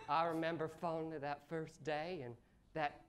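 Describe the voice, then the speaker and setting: With a deep, level voice at normal speed, an improv performer portrays a lovestruck man reading his meandering love letter live on a comedy stage. The acting is light, earnest and rambling, punctuated by laughter, with live music underneath.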